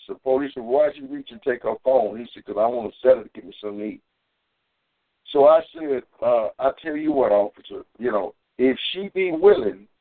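Fervent preacher man on a tinny phone line. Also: dry recording. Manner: fervent storytelling, climbing high for quoted shouts. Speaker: preacher on a community call. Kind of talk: sermon with personal testimony.

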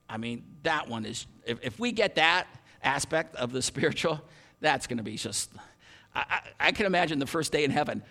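A man in his fifties preaching a sermon, animated, with frequent restarts and self-deprecating humor. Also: medium pitch. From Ohio, USA. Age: 50s. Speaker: pastor. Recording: long hall reverb.

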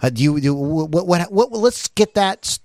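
A man's voice: a little high, expressive, moderate pace, a little mellow, no echo, clean studio sound. A man hosting a podcast in a jokey, casual way, often stumbling and restarting his questions. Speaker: podcast host.

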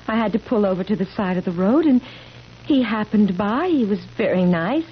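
A woman's voice: medium pitch, expressive, moderate pace, natural voice. An actress playing a woman cursed to stay eighteen forever, pleading and anguished, in a 1970s radio drama. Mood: nervous. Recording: dull old radio broadcast with faint hiss.

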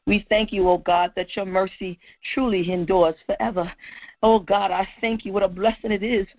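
A woman's voice: medium pitch, steady tone, moderate pace, dry recording. Woman praying fervently over a phone line. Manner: repeats "oh God" between phrases, rising to cries. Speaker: prayer leader. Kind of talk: fervent spoken prayer.

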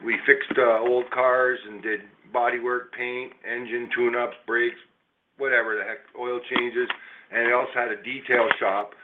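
A man's voice: mid-range voice, flat delivery, normal speed. Man, middle-aged, business owner, rambling casual storyteller, swears a lot, tinny phone line, faint hiss. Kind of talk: casual chat.

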